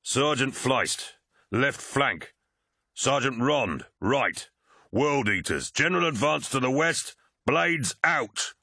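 A man voicing a fierce, brutal male warrior captain who barks his words loudly and scornfully. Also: lowish voice, sing-song, normal speed, no echo, studio quality, voice pushed up, exaggerated voice. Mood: commanding. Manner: loud, barking, scornful.

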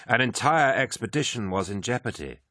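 A man's voice: mid-range voice, lively intonation, fairly quick, pushed and bright, dry recording, studio quality, voice pushed up. A man voicing a proud, indignant male equerry who speaks formally.

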